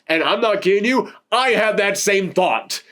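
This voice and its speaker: A man's voice: high-pitched, lively intonation, a little slow, fairly bright tone. A man hosting a casual film review chat, rambling and laughing often while sitting on a couch. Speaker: podcast host reviewing films.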